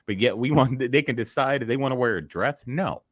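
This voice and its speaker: A man's voice: mid-range voice, a little fast, a bit bright. A man co-hosting a reaction show, talking in a blunt, emphatic casual way.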